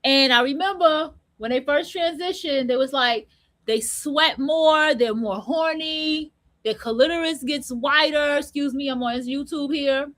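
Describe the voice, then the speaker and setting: Woman host ranting on her show, high voice, blunt and cussing, slangy storytelling. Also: measured pace, fairly bright tone. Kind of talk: casual monologue on an online radio show.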